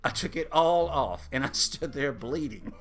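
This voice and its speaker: A man telling a funny personal story in a casual, animated way and chuckling through it. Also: a little high, unhurried.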